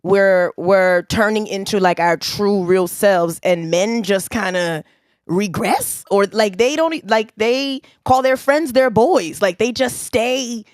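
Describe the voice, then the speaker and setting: A woman's voice: mid-range voice, slow pace, no echo, studio quality. A woman in her thirties, a podcast guest telling stories animatedly and laughing as she talks. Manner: animated, laughing, acts out quotes. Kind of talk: casual chat, storytelling.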